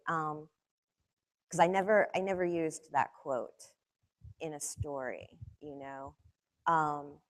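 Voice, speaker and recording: A lower-pitched woman tells stories from her reporting work in a casual, rambling way. She leans on filler words and grows lively when she acts out scenes. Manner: chatty, loose, full of "like" and "you know", lively when retelling scenes. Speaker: magazine reporter speaking to students. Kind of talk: casual anecdotal talk.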